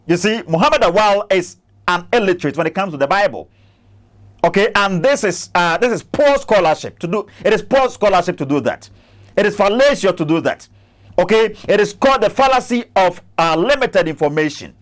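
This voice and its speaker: A man's voice: sits high, lively intonation, a little fast. A man hosting a commentary channel, arguing against a clip he plays, stammering and repeating himself. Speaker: Christian apologist channel host.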